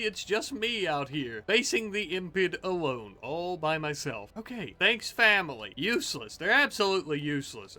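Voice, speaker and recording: A young man casually commenting on his own gameplay, excitable, joking and swearing at the game. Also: a little high, normal speed, few pauses, soft background music. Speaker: let's play host.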